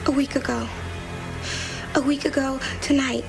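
An actress playing a brash, prank-loving young woman with a loud, sassy voice in a comedy film. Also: high-pitched, steady tone, unhurried, gravelly, music in the background. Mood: confiding. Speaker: film character Brenda.

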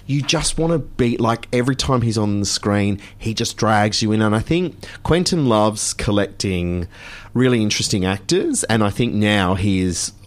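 Man, radio co-host, gushing and chatty, low voice, lively swoops in pitch. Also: moderate pace. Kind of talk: casual radio chat and film review. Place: radio studio.

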